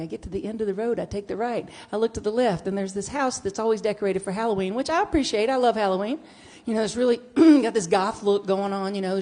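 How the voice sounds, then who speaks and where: A woman minister giving a storytelling sermon, acting out dialogue with big jumps in pitch and loudness. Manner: animated, acts out dialogue with big swings in pitch and volume. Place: church sanctuary.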